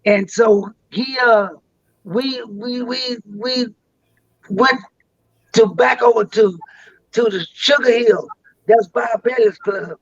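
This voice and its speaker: A man's voice: extremely high pitch, fairly bright tone, lo-fi sound. An older man telling long stories as a guest on a live interview, rambling and restarting his words.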